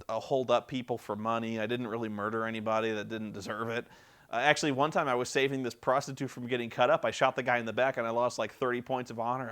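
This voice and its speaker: A man's voice: mid-range voice, fairly bright tone. A man vlogging casually about video games, rambling with lots of restarts. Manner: rambling, many fillers and restarts. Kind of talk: casual chat.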